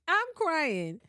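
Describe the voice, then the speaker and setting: A woman hosting a podcast in casual chat, animated and blunt, swearing freely and often breaking into laughter. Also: sits high, no room sound, studio quality. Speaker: podcast host.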